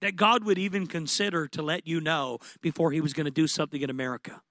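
A man delivers a sermon in a high, carrying voice. He preaches with passion, swinging from excited, rising peaks to hushed reflection. The sound is dry and close, with no room around it. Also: fast talker, no room sound. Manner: impassioned, building to excited peaks.

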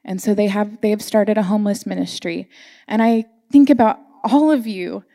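A woman's voice: mid-range voice, vocal fry, dark tone. A woman giving an earnest, emotional sermon to her church congregation, sharing personal stories. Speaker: church speaker. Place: church sanctuary.

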